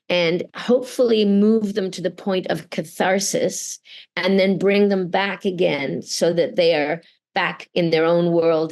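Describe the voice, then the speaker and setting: A woman's voice: medium pitch, darkish tone. A middle-aged woman from Canada speaking earnestly and expressively in an interview, acting out the people she quotes. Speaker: voice actor guest. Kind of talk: interview conversation.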